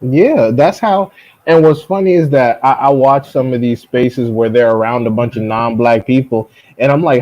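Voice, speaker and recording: A man's voice: medium pitch, normal speed, a little mellow, dull audio. A man hosting a casual discussion who talks bluntly and profanely, mocking his critics. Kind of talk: casual talk show discussion.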